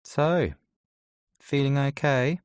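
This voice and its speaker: A man's voice: medium pitch, fairly even intonation, slow pace, clean tone, no echo, pitched above the performer's own voice, lightly acted. A man reading an audiobook, voicing a sarcastic teenage girl who is blunt but caring, in a dry, matter-of-fact manner. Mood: deadpan. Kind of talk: audiobook character voice.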